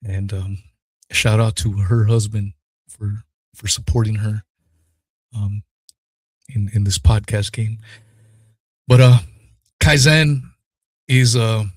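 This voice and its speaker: A man's voice: fairly low pitch, fairly even intonation, takes it slowly, long pauses, dry recording. A man hosting a solo podcast, speaking raw and emotional, swearing freely as he talks through personal feelings and a philosophy of self-improvement. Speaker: podcast host. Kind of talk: solo podcast talk, live stream.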